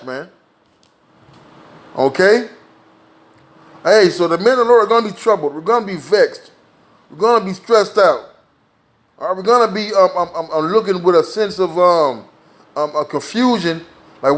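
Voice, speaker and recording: A man preaching a sermon in a loose, conversational way, dropping "man" and "all right?" between points and slowing down to read scripture aloud. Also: high voice. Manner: informal, peppers lines with "man" and "all right?". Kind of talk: street-style sermon with scripture reading.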